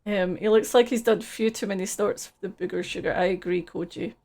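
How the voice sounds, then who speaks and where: A woman's voice: mid-range voice, steady tone, fairly quick, creaky, darkish tone. A woman casually reading game text aloud and chatting through a live gameplay stream, swearing freely.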